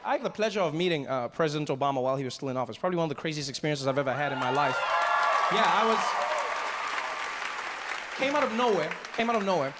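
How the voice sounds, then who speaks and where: A man from South Africa doing stand-up comedy on a theater stage with a handheld mic, telling stories in a conversational, animated way. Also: a little high, fast talker, pauses often, a loud crowd. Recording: long reverb of a live theater with faint noise.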